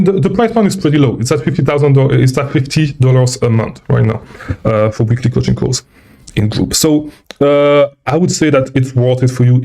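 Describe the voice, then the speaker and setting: In a mellow, medium-pitched voice, a livestream host and seller coach rambles through a casual Q&A from indoors while traveling. He's short of breath, reads questions from viewers, and tacks "okay?" onto many lines.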